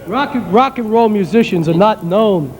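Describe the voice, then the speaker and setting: A man's voice: high voice, lively intonation, moderate pace, a little mellow, long reverb tail, a little hiss or hum. A man from a metal band, in his stage persona, sneering and insulting with profane, sarcastic banter in a rock club. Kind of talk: sarcastic shock-humor banter.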